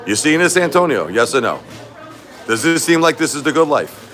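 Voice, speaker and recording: A middle-aged man talks straight to his livestream chat, repeating himself for emphasis. His pitch swings widely as he rants, from low grumbles up to sharp protests. Faint music plays under his voice. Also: sing-song, brisk. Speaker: livestream host. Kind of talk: casual livestream talk to chat.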